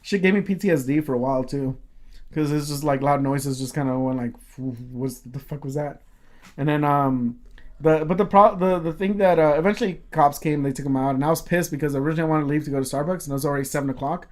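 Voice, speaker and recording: A man's voice: fairly high pitch, fast talker. A man co-hosting a casual podcast, telling a long story with many fillers, restarts and swear words. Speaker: podcast co-host.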